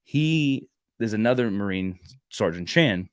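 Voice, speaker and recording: A man in his thirties with a fairly low voice tells stories in a casual podcast chat. He acts out the dialogue with lively bursts of energy and often restarts his sentences. The recording is dry and close, with no room sound. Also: measured pace, dry recording. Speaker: podcast co-host. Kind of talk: casual faith chat, storytelling.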